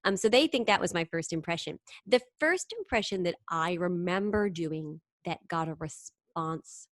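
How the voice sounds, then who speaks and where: Woman, lowish voice, animated interview guest, dry sound. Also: normal speed, dry recording. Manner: animated, slips into sung impressions. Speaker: guest, actress and impressionist. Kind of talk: casual interview chat.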